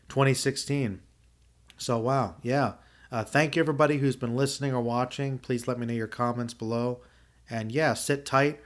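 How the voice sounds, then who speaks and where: A man in his thirties talks through his thoughts in a loose, rambling way. He restarts his sentences and fills the gaps with "uh" as he reflects, and his voice sits at an ordinary, middle pitch. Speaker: podcast host. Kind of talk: casual spoken review.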